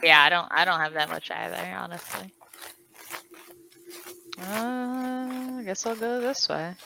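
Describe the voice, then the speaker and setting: A woman's voice: mid-range voice, measured pace, creaky, noisy background. A woman co-hosting a podcast, chatting casually and wryly while playing a horror game. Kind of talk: casual gameplay chat.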